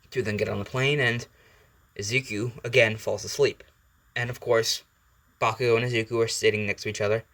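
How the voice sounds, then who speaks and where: A man's voice: mid-range voice, fairly even intonation, fairly quick, fairly bright tone. A man casually retelling a fan story, rambling and laid-back, with fillers and casual swearing.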